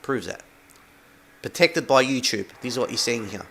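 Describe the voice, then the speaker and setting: A man's voice: mid-range voice, animated, normal speed, fairly bright tone, a little hiss or hum. A man giving accusatory commentary over a video, repeating "right?" after nearly every phrase. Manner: accusatory, emphatic. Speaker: commentary channel host.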